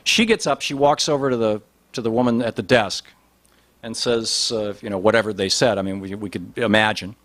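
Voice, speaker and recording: A man's voice: lowish voice, steady tone, fairly quick, fairly bright tone. Rambling male storyteller. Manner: rambling with many restarts and fillers. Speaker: speaker telling an anecdote. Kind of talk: storytelling talk.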